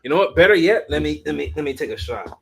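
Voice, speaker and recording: A man with the hiccups reacting to a song on a live stream, with loud exclamations and laughter. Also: a little high, animated, fast, vocal fry, slight background noise. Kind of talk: excited live music reaction chat.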